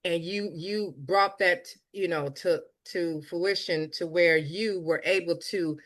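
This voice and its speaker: A woman's voice: fairly low pitch, slow pace, hardly any pauses, fairly bright tone. A woman hosting an interview, talking earnestly and emphatically to her guest, repeating words as she presses her points. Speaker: host. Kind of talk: interview conversation.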